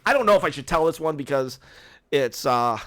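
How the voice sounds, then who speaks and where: A man hosting a podcast, telling stories in a lively way and laughing often, speaking into a podcast microphone. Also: fairly high pitch, a little fast. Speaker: podcast host. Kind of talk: casual podcast chat.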